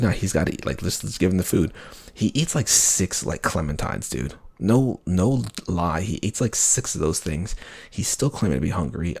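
A young adult man, a podcast co-host, telling a rambling family story in casual chat with many halting restarts. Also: deep voice, vocal fry, slightly rough.

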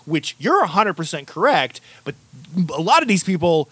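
A man's voice: high-pitched, big pitch swings, normal speed, fairly bright tone, breathy edge, no echo. Rambling, jokey male podcast co-host. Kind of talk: casual chat.

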